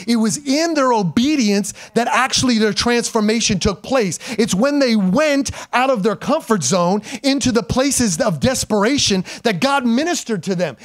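Pastor guy in his 40s preaching, high-ish voice, punchy, tells stories and laughs at himself. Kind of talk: sermon. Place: church sanctuary.

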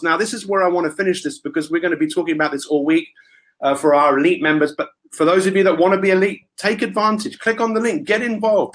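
A man giving an energetic, playful motivational talk as a coach, with theatrical chants and asides. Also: high voice.

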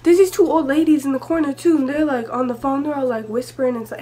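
A teenage girl with a high, quick, slightly mellow voice tells a storytime vlog. She rambles and chats, packing in asides and filler words.

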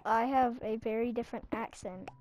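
A woman's voice: a little high, a little fast, music in the background. A young woman giving rambling, self-mocking commentary while playing a game. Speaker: gaming channel host. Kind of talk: casual Minecraft commentary.

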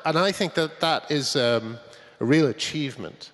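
Stammering man on a conference stage. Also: on the high side. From Britain. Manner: halting, many restarts, animated storytelling. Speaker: guest comedy writer. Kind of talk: onstage conversation. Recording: long conference-hall reverb.

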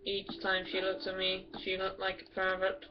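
A woman's voice: medium pitch, completely flat delivery, normal speed, recorded from a distance, noisy background. A woman giving casual, rambling game commentary, crude and swearing often. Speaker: gameplay commentator. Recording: dull lo-fi from off mic, loud music behind. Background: loud music.

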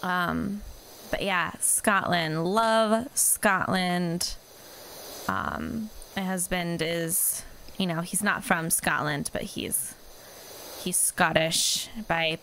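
A young woman talks through her gameplay at an unhurried pace, rambling and poking fun at herself. Her voice has a gravelly fry to it, and a faint hiss sits under the recording. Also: fairly low pitch, a bit bright. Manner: chatty, rambling, self-deprecating. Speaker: gaming vlogger. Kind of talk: casual chat while gaming.

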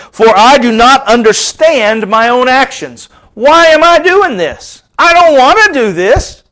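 Preacher, man, 50s, high-pitched voice, sermon delivery with animated rises and hushed asides. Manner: animated preaching, dropping to soft asides then rising high.

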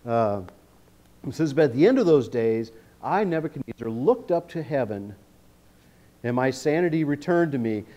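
A man giving a sermon in a church, reading scripture and explaining it in a relaxed, joking way, often checking in with the congregation. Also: medium pitch, normal speed. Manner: conversational, jokey, often checks in with "okay?". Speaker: guest preacher. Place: church sanctuary.

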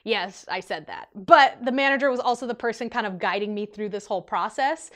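A woman in her twenties telling an animated, chatty storytime vlog to her viewers. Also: mid-range voice, brisk. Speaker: vlogger.

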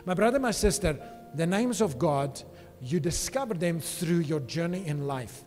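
A man's voice: on the high side, expressive, normal speed, a little mellow. A pastor preaching a sermon with emphasis, often checking in with his congregation by asking "okay?". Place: church. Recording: reverberant church hall with faint music.

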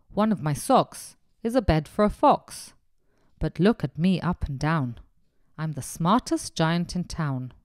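A woman's voice: fairly low pitch, dry recording, studio quality. A woman voicing a kind, proud giant in a storybook reading, cheerful and sing-song.

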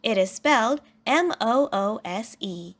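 A woman voicing a patient, kindly female schoolteacher who speaks clearly, as if explaining a lesson. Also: fairly high pitch, expressive, a little slow. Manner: clear and instructive.

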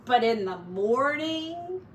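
A small, fussy male mouse from a children's story, as a woman reading aloud puts him on. He speaks mildly and hesitantly, high and unhurried. The voice comes from a distance with faint noise behind it. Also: big pitch swings, heavily acted. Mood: fretful. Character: timid tidy male mouse.

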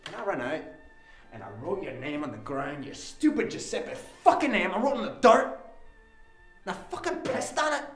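A man playing a bitter son, raw and profane. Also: high voice. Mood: angry recollection. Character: bitter troubled adult son confronting his father. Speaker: actor in a dramatic monologue. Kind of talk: dramatic film monologue. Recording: roomy echo.

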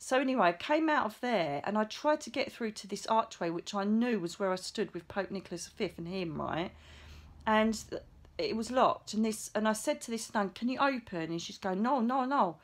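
A middle-aged woman telling a personal story in a chatty, excitable way, acting out the lines she quotes. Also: mid-range voice, fairly quick. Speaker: psychic medium vlogger. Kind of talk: casual storytelling monologue.

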